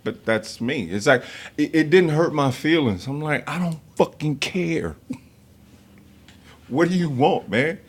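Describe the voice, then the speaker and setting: A man's voice: a little high, expressive, unhurried, long pauses. A man, hosting a podcast and telling stories in a blunt, profane way. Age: 50s. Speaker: podcast host. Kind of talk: casual podcast chat.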